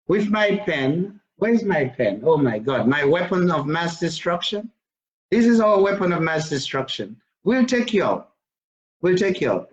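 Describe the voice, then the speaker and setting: A man's voice: high-pitched, highs cut off. A man giving a rambling video monologue as a self-styled religious leader, crude and defiant in his talk.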